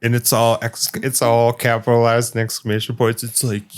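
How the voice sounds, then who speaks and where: A man's voice: mid-range voice, level tone, moderate pace. A man in casual podcast chat, a rambling storyteller who swears freely and laughs as he talks. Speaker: podcast guest or co-host.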